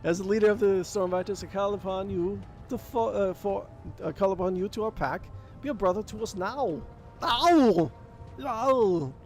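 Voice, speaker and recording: A man voicing a boisterous veteran male space-wolf warrior leader in a loud, mock-old-world accent. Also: high-pitched, animated, normal speed, soft background music, pitched above the performer's own voice. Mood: commanding.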